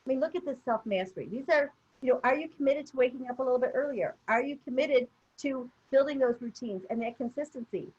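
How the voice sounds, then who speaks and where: A woman's voice: high voice, quick pace, darkish tone, breathy edge, dull audio. A woman co-hosting a motivational webinar, telling a personal story in a chatty way with many fillers. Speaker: webinar co-host. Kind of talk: casual motivational chat.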